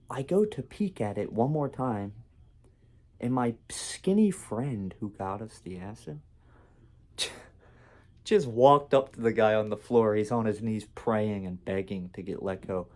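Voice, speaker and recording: A man's voice: on the low side, dark tone. A man telling a casual, rambling story in a vlog, full of fillers and restarts. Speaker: vlogger.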